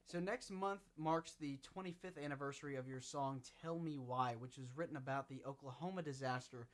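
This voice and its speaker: Male interview host, calm and brief, medium pitch. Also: brisk. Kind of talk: interview questions and backchannels.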